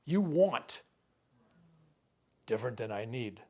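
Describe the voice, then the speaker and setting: A man's voice: mid-range voice, animated, mellow. A reverend leading a healing workshop, talking in a folksy, conversational way. He jokes, asks rhetorical questions and acts out what people might say. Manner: acts out people's words in quick asides. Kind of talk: spiritual teaching talk to a live group.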